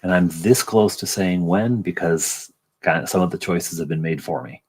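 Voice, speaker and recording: A man hosting a casual livestream, chatting with viewers in a rambling way with lots of pauses and restarts. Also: low-pitched, darkish tone, breathy edge. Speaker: convention organizer and livestream host.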